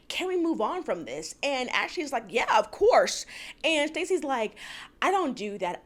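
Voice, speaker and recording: A woman giving a casual, gossipy recap of a reality TV episode, acting out the cast's lines and laughing often. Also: on the high side. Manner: animated, gossipy, quotes cast members in voices, laughs often.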